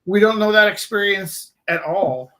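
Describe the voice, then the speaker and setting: A man's voice: high-pitched, moderate pace, bright, forceful tone. A man hosting a live art stream, chatting casually and telling a rambling, self-deprecating anecdote. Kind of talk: casual chat.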